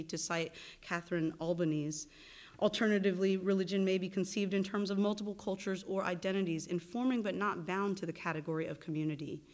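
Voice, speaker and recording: A woman lecturing at a university, reading a formal academic paper in a measured way with occasional self-corrections. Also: mid-range voice, darkish tone. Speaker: visiting lecturer and research associate. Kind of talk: academic lecture read from a prepared text.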